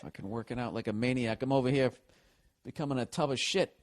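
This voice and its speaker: Man, Boston accent, podcast host, profane, sarcastic rant, mid-pitched voice. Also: fast. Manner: profane, sarcastic, reads listener letters aloud. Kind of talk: casual comedic rant.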